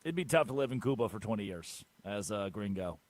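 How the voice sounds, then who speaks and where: Animated joking male sports radio host. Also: fairly low pitch, brisk. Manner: animated, joking, mimics people with put-on voices. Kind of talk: comedic sports talk.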